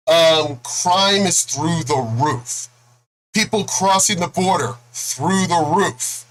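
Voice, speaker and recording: A man rants to camera in a slow, deliberate way. His voice sits a little high and sounds bright and sharp, and his delivery is profane, mocking and angry throughout. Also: low-quality recording. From El Paso, Texas. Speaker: video blogger. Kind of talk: political rant to camera.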